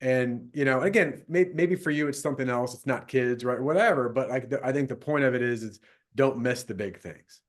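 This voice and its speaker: A man's voice: medium pitch, a little fast. A man in his fifties hosting a podcast in a casual conversation, rambling with many restarts and fillers. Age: 50s. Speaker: podcast host.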